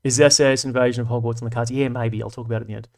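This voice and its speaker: A man's voice: medium pitch, little pitch movement, very fast, a little mellow. A man in his thirties with an Australian accent, hosting a casual livestream chat in a laid-back, slangy way with frequent swearing. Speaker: livestream host.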